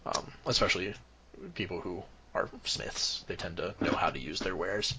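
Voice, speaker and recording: A man's voice: low-pitched, normal speed, very noisy. A man serving as game master, narrating a tabletop game in a loose, explaining way with lots of fillers.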